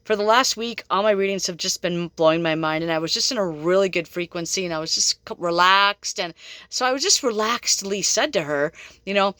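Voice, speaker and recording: A woman's voice: mid-range voice, animated, normal speed, bright, forceful tone, no echo. A middle-aged woman psychic telling a story in a chatty, rambling way, laughing often. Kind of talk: casual storytelling monologue.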